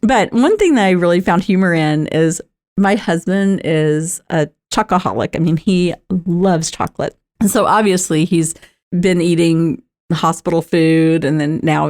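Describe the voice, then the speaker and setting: Middle-aged woman, low-pitched, sharing personal stories in a candid, conversational way. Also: a little mellow. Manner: candid, conversational, laughs often, many fillers. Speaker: talk host. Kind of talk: personal talk on positive mindset.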